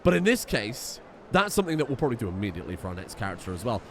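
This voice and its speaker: A man's voice: on the low side, very animated, racing, a bit bright, slight background noise. A man casually commenting on a strategy game, thinking aloud and reading the game's text. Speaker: gaming video host.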